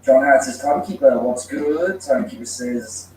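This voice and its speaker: A man with a mid-range, somewhat dark voice hosts a livestream at a normal pace, greeting viewers by name and reading their comments in casual chat. The mic sits far away in an echoey room, with faint noise in the background.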